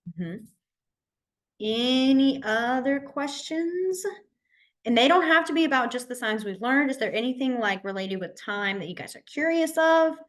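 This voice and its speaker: A woman teaching a sign language class over a video call, patiently walking through signs and often checking in with "okay?". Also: a little high. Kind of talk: online class instruction.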